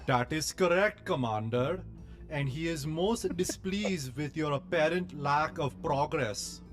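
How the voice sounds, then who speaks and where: Parody dub: a man as a menacing Indian-accented dark lord, deadpan and commanding, a little high. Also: soft background music, lightly acted. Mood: imperious. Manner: slow, imperious, deadpan threats. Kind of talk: parody dub of a film scene.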